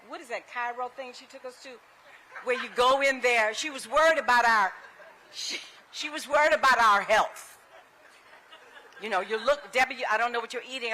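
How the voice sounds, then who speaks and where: A woman giving a public tribute speech at an outdoor ceremony, telling stories in an animated way and acting out the people she quotes. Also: on the high side, slight background noise. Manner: animated storytelling, acts out quoted voices.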